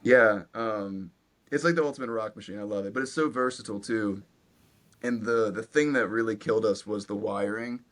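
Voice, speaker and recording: A man's voice: lowish voice, moderate pace, faint music behind. Young man rambling casually about his gear. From Virginia, US. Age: 20s. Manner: relaxed, rambling with many "like" fillers. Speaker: guest guitarist. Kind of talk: casual interview chat.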